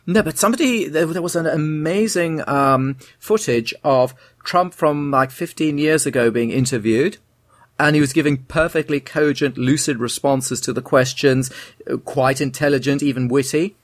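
A man's voice: fairly high pitch, moderate pace, no echo, studio quality. A man in casual podcast chat, explaining at length and often restarting his words. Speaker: podcast co-host.

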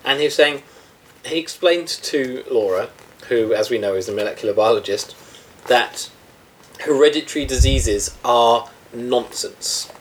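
A man's voice: mid-range voice, unhurried, slight background noise, rough recording. A man co-hosting a podcast, chatting in a playful, teasing way. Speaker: podcast co-host. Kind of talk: casual chat.

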